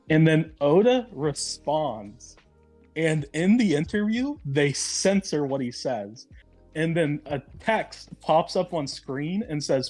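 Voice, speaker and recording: Over soft background music, a man with a slightly high, darkish, expressive voice takes his time. He's a co-host on a casual podcast chat, laying out a theory in detail and reading quotes aloud.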